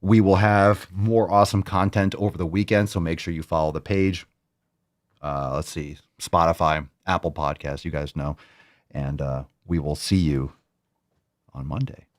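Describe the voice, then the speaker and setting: A man's voice: deep voice, moderate pace. A man hosting a fitness vlog, joking and swearing in casual talk. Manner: profane, joking, animated. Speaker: fitness podcast host.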